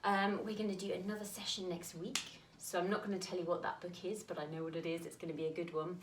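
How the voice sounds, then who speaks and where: A British woman leads little children through a dance class, a touch out of breath and gently encouraging. She sounds set back from the microphone in a roomy space, with a faint hum underneath. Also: lowish voice, level tone, quick pace. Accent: British English. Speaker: dance teacher. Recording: roomy sound, mic at a distance.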